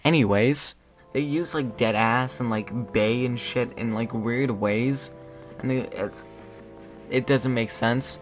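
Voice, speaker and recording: A man's voice: mid-range voice, slow pace. Young male commentator, sarcastic rambler, mid-range voice, faint music underneath. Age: teens or young adult. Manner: rambling, sarcastic, with frequent fillers and restarts. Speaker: YouTube commentator. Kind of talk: casual comedic commentary.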